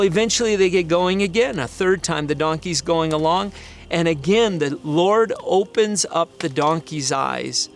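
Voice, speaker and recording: A middle-aged man preaching, an animated storyteller who acts out the voices in the story. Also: a little high, vocal fry. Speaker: pastor. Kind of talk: sermon storytelling.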